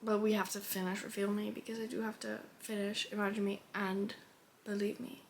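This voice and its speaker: A woman's voice: mid-range voice, little pitch movement, fairly quick, creaky. A young woman vlogging casually about her reading. She talks expressively, swears freely and swings between gushing and exasperation. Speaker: book vlogger.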